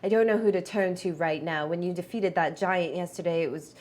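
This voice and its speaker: A woman voicing a young male dwarf lord, worn thin by his duties, who stammers and pleads for help in a slightly low voice. He sounds flustered and polite, a tabletop-game figure close to an everyday speaking voice. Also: brisk, a little mellow, close to an everyday voice. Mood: anxious pleading. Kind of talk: tabletop role-play voice.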